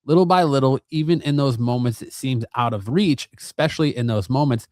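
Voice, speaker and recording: Give me a gentle, earnest father, voiced by a man, with a dry, close sound. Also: mid-range voice, brisk, dry recording, close to an everyday voice. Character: calm wise fatherly man giving advice.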